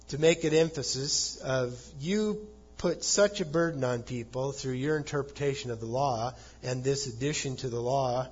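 Male pastor, husky tone, chatty sermon delivery, slightly dull lo-fi recording. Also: medium pitch. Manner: explains scripture conversationally, acting out quoted lines with chuckles.

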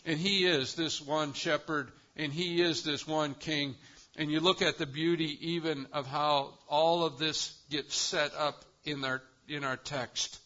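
A man's voice: fairly high pitch, steady tone, measured pace, pushed and bright, muffled recording. A man preaching a sermon as pastor, with an emphatic cadence that rises and falls.

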